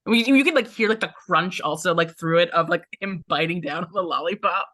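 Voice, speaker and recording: A woman's voice: lowish voice, fairly quick, a bit bright. A woman playing a tabletop game, bantering cockily in character with the game master. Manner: cocky, bantering. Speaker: player. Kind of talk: casual play chat in character.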